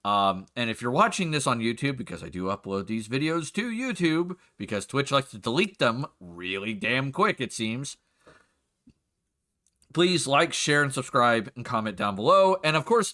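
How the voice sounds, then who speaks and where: A man's voice: medium pitch, very animated, moderate pace, pushed and bright. A man, a game master and streamer, chatting casually and rambling as he sets up the session. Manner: rambling, chatty, self-interrupting.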